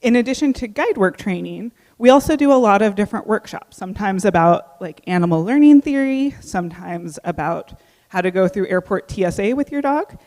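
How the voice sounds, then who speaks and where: A woman presents clearly and informatively, introducing a training demonstration. Her mid-pitched voice carries a long reverb tail. Her delivery is steady and explanatory. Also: fairly quick. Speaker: guide dog trainer.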